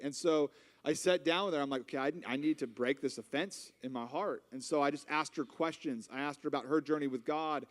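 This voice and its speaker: A man's voice: on the high side, brisk. A man in his thirties preaching at a conference, telling a humorous, self-mocking story. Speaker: conference speaker. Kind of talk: storytelling sermon. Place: large church hall. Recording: long reverb of a large hall.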